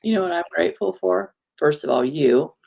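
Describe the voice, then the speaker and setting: A woman minister co-hosting a talk show, speaking in a halting, emotional way and searching for words as she shares a personal story. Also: lowish voice, gravelly, a little mellow, slightly rough, highs cut off. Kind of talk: casual heartfelt conversation.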